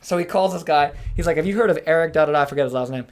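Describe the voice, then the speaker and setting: Fast-talking young man telling a story. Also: fairly high pitch. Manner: fast, animated, swears freely, acts out quotes. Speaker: podcast host. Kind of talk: casual storytelling chat.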